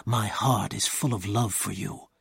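A man voicing a gallant masked male outlaw, speaking low, hushed and gentle. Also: steady tone, measured pace, creaky, breathy edge, no echo, full character voice. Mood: tender.

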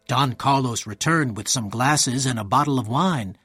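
A man narrating a story aloud in a clear, measured way, voicing each character in turn. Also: mid-range voice, sharp tone, dry recording.

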